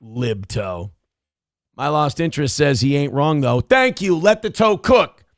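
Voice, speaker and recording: A young man hosting a live show, reading donation messages and ranting with heavy swearing in fast, heated bursts. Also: on the high side, animated, no room sound, studio quality. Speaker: livestream show host. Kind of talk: profane political rant and chat reading.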